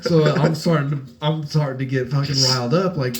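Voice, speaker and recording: A man's voice: on the high side, a little fast. A young man co-hosting a podcast, telling a story in loose, profane chat and acting out both sides of an argument. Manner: animated, profane, acts out quoted arguments. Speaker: podcast co-host.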